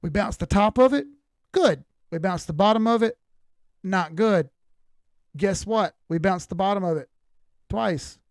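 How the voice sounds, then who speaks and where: A man's voice: sits high, a little slow, pauses often, dry recording. A middle-aged man with a Southern US accent giving blunt, folksy live-stream commentary on crypto charts.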